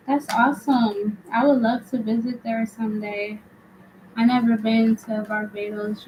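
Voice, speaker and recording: A woman's voice: fairly high pitch, a little mellow, a little hiss or hum, rough recording. A young woman hosting a live tarot stream, chatty and laughing often as she answers viewers. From United States. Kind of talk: casual live-stream chat.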